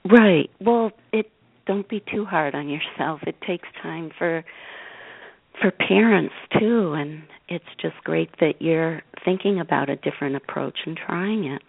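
A woman's voice: low-pitched, unhurried, gravelly, husky, dry recording. A woman co-hosting a call-in advice show, encouraging and reassuring callers. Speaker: co-host. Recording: dry phone-like band.

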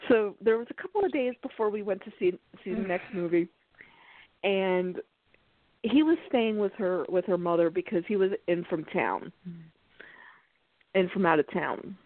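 A woman's voice: mid-range voice, normal speed, long pauses, dry recording. Woman telling a story and cracking up, sounds like a phone line, dry. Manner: animated, laughs through her story. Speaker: podcast host. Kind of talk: casual storytelling.

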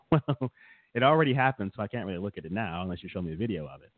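A man's voice: on the low side, expressive, quick pace, no room sound. A man co-hosting a casual comedic chat show, rambling and teasing his co-host with frequent chuckles. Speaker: podcast co-host. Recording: dry, tinny phone-like sound.

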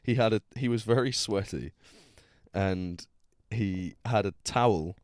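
A man's voice: on the low side, measured pace, a little mellow, dry recording, studio quality. A man hosting a casual chat, telling a story with many restarts. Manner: rambling, restarts often. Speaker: podcast host.

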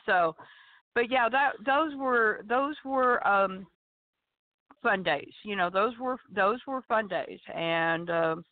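A woman's voice: medium pitch, takes it slowly. An older woman co-hosting a casual podcast, playful and chatty, telling stories. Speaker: podcast co-host. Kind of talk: casual chat. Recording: tinny phone-like line.

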